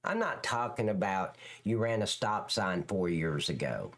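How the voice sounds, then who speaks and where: A middle-aged man, a former police officer, ranting bluntly and crudely as he chats with viewers on a livestream, his pitch swinging up and down. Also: lively intonation, a little slow, fairly bright tone. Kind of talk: casual livestream chat reacting to viewers.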